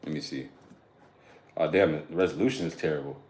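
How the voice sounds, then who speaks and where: A man's voice: rumbling low, a little fast, a little mellow. A man chatting loosely on a live stream, slangy, profane and rambling. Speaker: fitness streamer. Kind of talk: casual live-stream chat.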